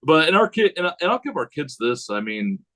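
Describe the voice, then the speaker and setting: A man who is a high school head football coach, talking casually on a podcast in a rambling way and acting out what he says to players. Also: brisk, rough recording. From United States. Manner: rambling, animated, acts out quotes of himself.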